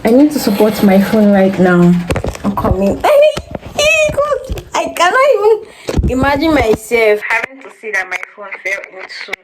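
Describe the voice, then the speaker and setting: A young woman, chatting excitedly to viewers in a casual vlog from her kitchen, recorded on a propped-up phone. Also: medium pitch, normal speed, background noise. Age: young adult. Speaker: student vlogger. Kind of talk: casual vlog chat to camera. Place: home kitchen, indoors. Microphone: phone camera propped up nearby. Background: background music.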